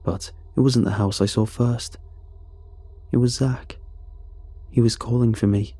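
A man narrating a first-person horror story in a steady, somber way. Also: mid-range voice, a little slow, slightly rough, no echo.

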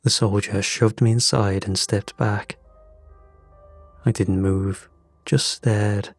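A man narrating a first-person thriller story in a measured, tense, deliberate way. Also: on the low side, flat delivery. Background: faint music.

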